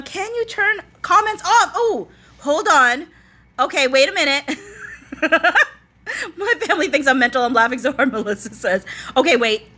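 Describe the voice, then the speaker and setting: A woman's voice: extremely high pitch, sharp tone. A woman hosting a casual live stream from her phone, laughing to tears while reading viewer comments aloud. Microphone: phone front camera.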